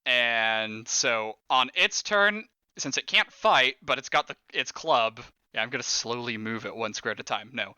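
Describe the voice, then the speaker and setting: Game master type, man, bright forceful voice, dry close mic, casual and rules-minded. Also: medium pitch, lively intonation, unhurried, clear, resonant tone, no room sound. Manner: rule-explaining, laughing often. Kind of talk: running a tabletop horror game, casual.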